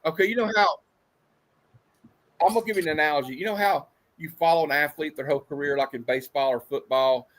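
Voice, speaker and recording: A man's voice: fairly high pitch, quick pace, a bit bright. A man co-hosting a casual bad-movie review show, sarcastic and given to long rambling analogies. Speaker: podcast co-host.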